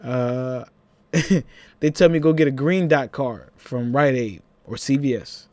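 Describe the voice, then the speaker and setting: In a casual, animated vlog, a young man with a Philadelphia accent tells a personal story, breaking into laughing asides. His mid-range voice is slow, and the recording is dry.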